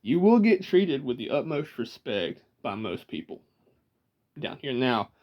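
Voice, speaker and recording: Easygoing man, lively voice. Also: medium pitch, muffled recording. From Georgia, US. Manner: laid-back, chuckling, halting restarts. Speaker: vlogger. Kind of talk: casual rambling vlog.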